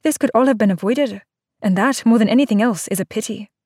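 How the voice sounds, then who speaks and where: A woman voicing a calm, firm female doctor in an audiobook, speaking in measured, even tones. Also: mid-range voice, no echo, clean studio sound, close to an everyday voice. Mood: sharp. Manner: measured, even, growing sharp and insistent. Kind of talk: audiobook character voice.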